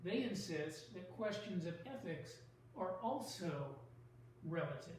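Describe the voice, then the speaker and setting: A man teaching a recorded online writing lesson, explaining step by step in a measured way and leaning on key words. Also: sits high, expressive, heavy reverb, distant mic, a little hiss or hum, rough recording.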